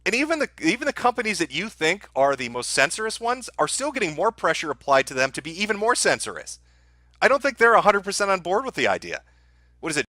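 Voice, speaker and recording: A man's voice: sits high, sing-song, fast talker, bright, forceful tone, no echo. A man hosting a livestream, ranting angrily with a lot of swearing about the topic he's covering. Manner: profane, angry, ranting. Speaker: livestream host. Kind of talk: heated livestream rant.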